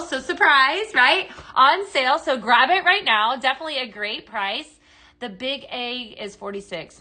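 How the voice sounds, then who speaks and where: A woman's voice: medium pitch, bright, forceful tone. A woman hosting a live product sale, chatting in an upbeat way with many fillers and tag questions as she shows items at a table. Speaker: live sale host for a home fragrance brand. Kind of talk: live shopping demo.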